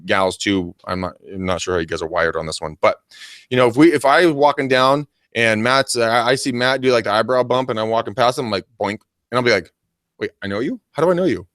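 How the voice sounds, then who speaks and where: A man co-hosting a casual coaching chat, animated and acting out silly greetings as he talks. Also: medium pitch, fairly quick, no room sound, studio quality. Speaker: podcast co-host.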